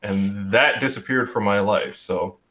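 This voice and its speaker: A man's voice: lowish voice, measured pace, sharp tone. A young man hosting a casual online group discussion over a video call, reflective and full of ums and restarts. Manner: reflective, talks in restarts with um and you know. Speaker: host of an online group chat.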